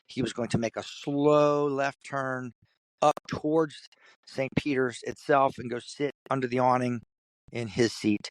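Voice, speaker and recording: A man from Kentucky tells a story as an interview guest, animated and lively, acting out the voices of the people in it. His voice sits at a middle pitch. The sound is dry and close, with no room echo. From Kentucky, USA. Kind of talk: storytelling in conversation.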